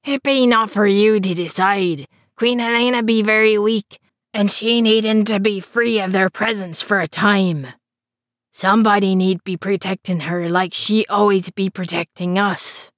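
A woman voicing a gruff male river troll who speaks in broken grammar. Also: medium pitch, steady tone, a little slow, no echo, clean studio sound, natural voice.

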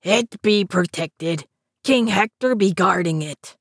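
A woman voicing a gruff male river troll who speaks in broken grammar. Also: mid-range voice, slow pace, no echo, studio quality.

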